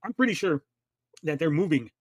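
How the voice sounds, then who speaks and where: In casual, profane stream commentary, a man reacts to clips, getting heated, argumentative and sweary. His voice sits on the high side, animated and a little fast, with no echo.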